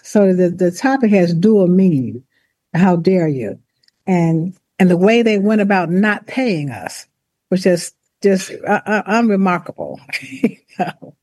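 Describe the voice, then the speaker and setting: A woman recounts her career in a measured, deliberate way, often pausing and restarting. Her voice is warm and mellow. The recording is close and dry, with no room sound. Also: lowish voice, lively intonation, no echo. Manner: deliberate, reflective, with restarts and laughs. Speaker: former university president, author. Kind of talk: interview, personal account.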